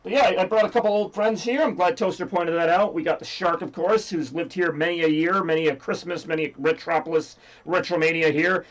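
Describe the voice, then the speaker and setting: Hosting a livestream, a man with a scratchy, fairly high voice rambles casually, jokes around, and reads chat aloud. He talks a little fast with few pauses and fairly even intonation, and the recording sounds muffled.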